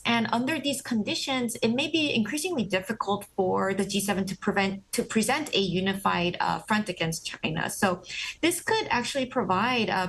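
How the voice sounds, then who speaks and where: Female professor giving steady analysis. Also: medium pitch, poor audio. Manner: fluent, lecture-like, with occasional fillers. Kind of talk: studio discussion.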